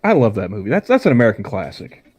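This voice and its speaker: A man's voice: lowish voice, huge pitch swings, fast talker, darkish tone, breathy edge, dull audio. A young man co-hosting a podcast, rambling in casual chat and often stammering and restarting his sentences. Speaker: podcast co-host.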